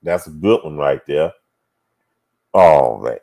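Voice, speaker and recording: A man's voice: extremely low pitch, expressive, slow, creaky, pauses often, mellow. A man hosting a casual talk show, reading viewer comments aloud and musing on them with hums and sighs. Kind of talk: casual livestream chat.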